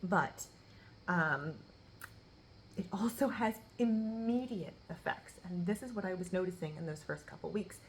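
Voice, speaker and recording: Chatty woman with a lowish voice. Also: a little slow, slight background noise, rough recording. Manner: chatty, laughing often, acts out remembered dialogue. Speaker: beauty vlogger. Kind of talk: casual product review.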